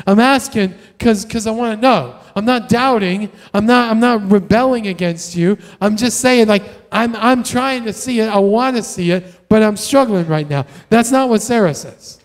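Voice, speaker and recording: A man preaching a sermon in a conversational, animated way, often tossing in "right?" to the congregation. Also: high voice, moderate pace, big-room sound. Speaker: pastor. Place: church sanctuary.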